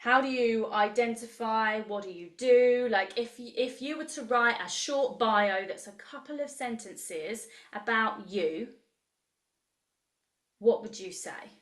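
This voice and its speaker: A woman's voice: a little high, measured pace, fairly bright tone. A woman in her thirties, leading a live online coaching session in an enthusiastic, chatty way and reacting to messages from the chat. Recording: roomy echo.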